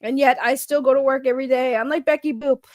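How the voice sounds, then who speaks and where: A woman's voice: high voice, steady tone, quick pace, a little mellow, dry recording, clean studio sound. A woman chatting casually on a live stream, greeting her chat, swearing now and then and sounding worn out from work. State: tired from work.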